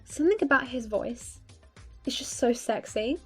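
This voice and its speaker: A woman's voice: fairly high pitch, moderate pace, slightly rough, faint music behind. A young woman giving casual fan commentary, gushing and emphatic, swearing freely. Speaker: video creator.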